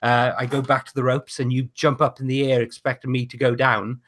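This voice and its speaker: Player, man, bright and tense tone, stop-start with lots of fillers, video call. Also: mid-range voice, level tone. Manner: halting, many fillers. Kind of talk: describing wrestling moves in a tabletop game.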